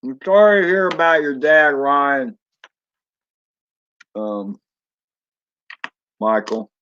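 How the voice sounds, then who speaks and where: Rambling drone streamer guy, unhurried, muffled lo-fi audio. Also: fairly high pitch, expressive, a bit bright, clear, resonant tone. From Florida. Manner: rambling, chatty, reads chat aloud. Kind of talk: casual live-stream chat.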